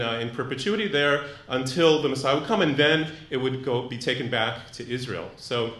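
A man's voice: mid-range voice, fairly bright tone. A man giving a live lecture to an audience in a room. He talks thoughtfully, with many fillers and restarts. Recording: echoey room.

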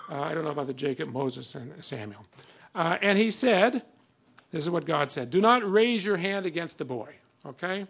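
A man's voice: a little high, creaky, fairly bright tone. A man giving a conversational classroom lecture on old texts, reading passages aloud with emphasis between many fillers.

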